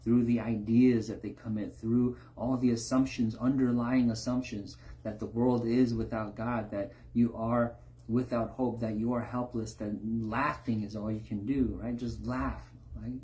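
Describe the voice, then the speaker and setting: A man's voice: mid-range voice, fairly even intonation, moderate pace, warm tone. A man giving an informal sermon, often tagging his points with a rhetorical question. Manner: rhetorical, keeps asking "right?". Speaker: preacher.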